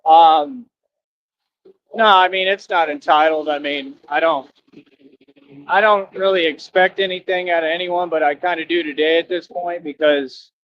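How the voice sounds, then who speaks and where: A man livestreaming outdoors near traffic, rambling and preachy, repeating himself as he asks viewers for donations. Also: a little high. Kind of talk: casual rambling livestream talk. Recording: dull lo-fi stream audio.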